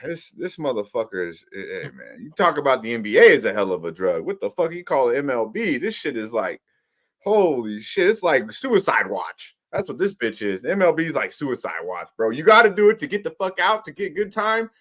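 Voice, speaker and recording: A man's voice: medium pitch, big pitch swings, brisk, fairly bright tone. A man co-hosting a live sports betting talk show, rambling and swearing through loose banter. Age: older. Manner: profane, laughing, rambling banter.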